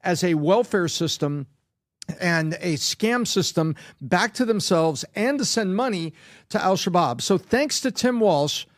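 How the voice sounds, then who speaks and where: A man's voice: high voice, expressive, unhurried, no room sound, studio quality. A man in a heated podcast discussion, emphatic and repeating words for effect. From Canada. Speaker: political commentator, podcast guest.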